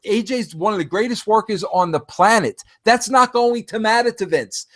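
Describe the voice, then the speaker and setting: A man's voice: high-pitched, fairly bright tone. Emphatic New man on a podcast. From New York. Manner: emphatic, blunt, says "bro" constantly. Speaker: podcast co-host. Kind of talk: casual podcast chat.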